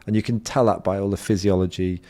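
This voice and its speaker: A middle-aged hypnosis coach appearing as a podcast guest tells an animated story conversationally, acting out the quoted lines. His voice sits low and he talks fast.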